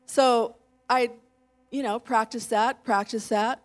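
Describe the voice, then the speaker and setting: Slightly high-voiced woman preaching a sermon. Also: slow. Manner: warm conversational preaching, leads the congregation in declarations; lively storytelling with self-deprecating asides. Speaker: pastor's wife preaching.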